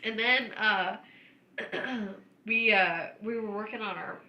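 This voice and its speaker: A woman's voice: mid-range voice, takes it slowly, dull audio. A woman, co-hosting a podcast and telling funny stories with lots of laughter. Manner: animated, laughing storyteller. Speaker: podcast co-host. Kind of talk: casual chat, storytelling. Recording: roomy echo.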